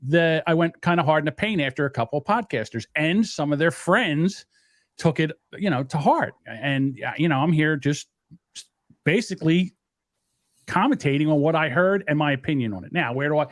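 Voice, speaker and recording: Brief: blunt New Jersey man, fairly high voice, dry sound. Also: expressive, normal speed, no echo. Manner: blunt, unapologetic. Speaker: podcast host. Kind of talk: casual podcast chat.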